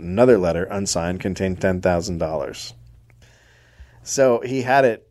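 Deadpan lower-voiced man telling a story. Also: unhurried. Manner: dry, sardonic, deadpan asides. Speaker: podcast co-host telling a history story. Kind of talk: comedic storytelling.

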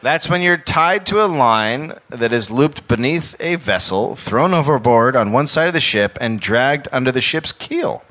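A man tells a grim history story to a live crowd in a bright, forceful voice. He laughs often and jumps his pitch when quoting people. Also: measured pace, few pauses, slight background noise. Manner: laughing, animated, swings pitch for quoted voices. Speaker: podcast host telling a history story. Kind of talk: comedic storytelling. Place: live stage before an audience.

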